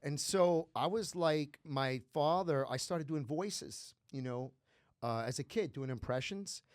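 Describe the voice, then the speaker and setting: Comedian guy from around new york, kinda high voice, dry close mic, rambly animated storytelling. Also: a little slow, no echo. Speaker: comedian guest. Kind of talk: casual podcast chat.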